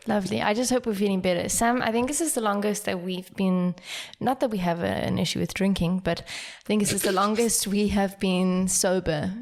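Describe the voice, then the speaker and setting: A young woman from South Africa co-hosts a comedy podcast in an easy, conversational way. She retells news headlines with plenty of fillers and restarts. Her voice sits at an ordinary pitch for a woman. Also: fairly even intonation, brisk, few pauses. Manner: chatty, explains news stories with filler words. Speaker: podcast co-host. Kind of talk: casual comedic chat.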